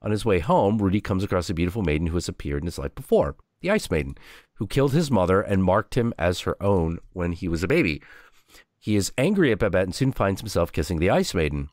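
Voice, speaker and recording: A man with a fairly low voice that swings widely in pitch, recounting old tales with casual swearing and many restarts. He sounds loose and chatty, and the sound is dry and close to the mic. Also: fast, no echo. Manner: animated, profane, with frequent restarts. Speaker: host. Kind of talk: casual storytelling chat on a stream.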